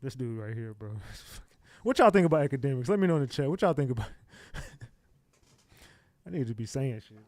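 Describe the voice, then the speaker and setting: A man's voice: medium pitch, lively intonation, a little fast, long pauses, a little mellow, dry recording, clean studio sound. A man hosting a casual live stream who talks straight to his chat and laughs often.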